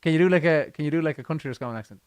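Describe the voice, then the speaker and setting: A man's voice: on the high side, very fast, clear, resonant tone, no room sound. An Irish man co-hosting a casual live-stream chat, joking and trying out accents. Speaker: co-host.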